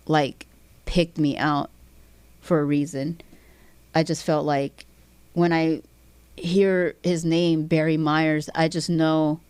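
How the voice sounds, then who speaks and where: Woman, fight promoter being interviewed; low voice, dry sound, swears freely and talks with raw feeling. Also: darkish tone, clean tone, dry recording. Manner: blunt, heavy swearing. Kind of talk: emotional interview talk.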